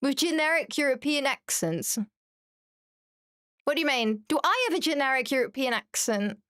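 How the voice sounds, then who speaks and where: A young woman from Germany chats away while she streams a game, quick to poke fun at herself. Her voice sits a touch high. The sound is close and dry, with no room around it. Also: animated, a bit bright, no room sound. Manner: chatty and self-mocking, reads chat aloud. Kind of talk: casual chat while gaming.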